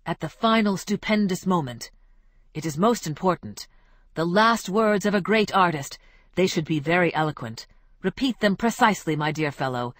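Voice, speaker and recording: Woman doing a grandiose male biographer, flowery, effusive, low voice, storybook reading. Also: animated, moderate pace, no echo, clean studio sound. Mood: insistent.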